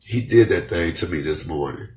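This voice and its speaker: A middle-aged man speaking fervently in an emotional testimony vlog, a little hoarse from shouting and crying with joy, talking in his house. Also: sits low, animated, moderate pace. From United States. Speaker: comedian vlogger. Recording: echoey room, off-mic.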